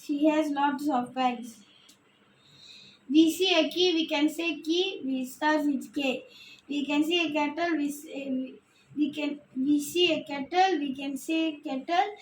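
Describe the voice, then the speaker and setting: Woman, phonics read-aloud, deliberate word-by-word pacing, roomy echo. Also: sits high, slight background noise. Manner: slow, careful word-by-word reading with restarts. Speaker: reading teacher. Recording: echoey room.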